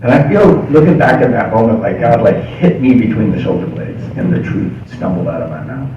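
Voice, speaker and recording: Speaking fairly quickly in a lowish, animated voice, a middle-aged man recounts his recovery journey at a meeting-hall podium, confiding and often laughing. The recording is echoey and distant, with background noise and the highs cut off.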